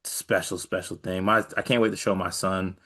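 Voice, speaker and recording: A man's voice: sits low, fairly even intonation, normal speed, sharp tone. A man from Michigan hosting a sports podcast in joking, laid-back banter. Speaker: podcast host. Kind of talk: casual sports podcast chat.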